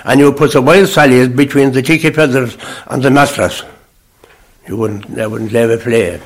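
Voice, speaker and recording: An older man reminiscing in a rambling, conversational way about country life, often trailing off softly at the ends of phrases. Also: medium pitch, moderate pace. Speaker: interviewee recalling rural life.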